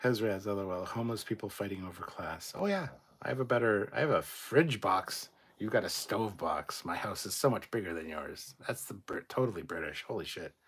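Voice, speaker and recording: A man's voice: on the low side, brisk, fairly bright tone, breathy edge. Blunt Canadian man chatting casually. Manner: blunt, swears freely, rambling asides. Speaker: host reading viewer comments. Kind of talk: casual live chat.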